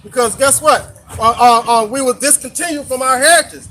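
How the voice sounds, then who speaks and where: A man leading a casual religious discussion, talking in animated, repetitive street slang and cueing others to read. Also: very high voice, fairly quick, slight background noise. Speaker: discussion leader.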